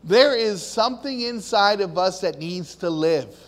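A man with a high voice preaches slowly and with fervor, firing questions at the congregation. His words ring out in a big hall with a long reverb. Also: lively intonation. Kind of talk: sermon.

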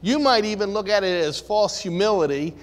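A man's voice: sits high, lively intonation, a little fast, big-room sound. A man preaching a sermon to a room of listeners, earnest and full of rhetorical questions.

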